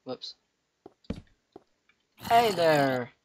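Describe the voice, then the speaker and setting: A man's voice: a little high, sing-song, very slow, a little hiss or hum. A man hosting a video game playthrough, giving chatty commentary and yelping at enemies, with a cracking voice. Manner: chatty, jumpy, yelps at enemies. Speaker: let's play host. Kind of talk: gameplay commentary. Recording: muffled lo-fi mic.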